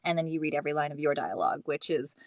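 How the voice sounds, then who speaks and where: A woman's voice: low voice, racing, dry recording, studio quality. A professional audiobook narrator and livestream host, a woman who chats in a bubbly, enthusiastic way and laughs easily.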